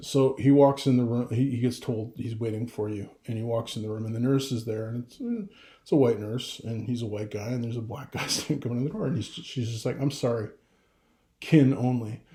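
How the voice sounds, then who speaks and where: A man's voice: mid-range voice, mellow, reverberant. A middle-aged father talking casually to camera, rambling with restarts and getting emotional. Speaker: vlogger.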